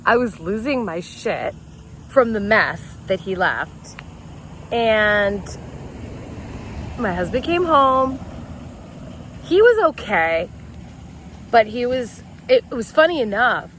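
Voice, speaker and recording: A woman's voice: mid-range voice, a bit bright, a little hiss or hum. A middle-aged woman telling a story about her stepson in a casual vlog, venting and exasperated, acting out the arguments she quotes. She sounds as if she is speaking into a phone at arm's length inside a parked car. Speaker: vlogger.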